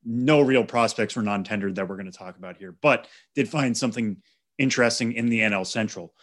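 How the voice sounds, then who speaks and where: A man co-hosting a sports podcast, calmly walking through prospect trades and statistics. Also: lowish voice. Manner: measured, stat-heavy explaining. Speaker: podcast co-host. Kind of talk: casual sports chat.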